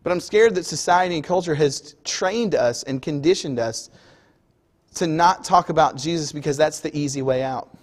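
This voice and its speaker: Male preacher, high voice, conversational sermon with acted-out scenes, long hall echo. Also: moderate pace. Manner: conversational, acts out everyday scenes. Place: church auditorium.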